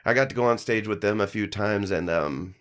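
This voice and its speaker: Man, lowish voice, animated storyteller, swears freely, acts out the people he quotes. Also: a little fast. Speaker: podcast guest, musician. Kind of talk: casual storytelling chat. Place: live-streamed studio.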